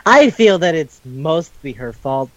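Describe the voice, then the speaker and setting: A young man co-hosting a casual talk show. He retells scenes in an animated way, acts out the characters and swears freely. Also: on the high side, unhurried, no room sound. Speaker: podcast co-host. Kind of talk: casual chat. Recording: dull dry lo-fi mic.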